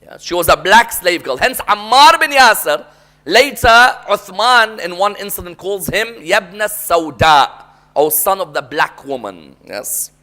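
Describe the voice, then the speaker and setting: A man's voice: high voice, lively intonation, a little slow, bright, forceful tone. A man preaching a sermon as a dramatic story, often prompting the audience to respond.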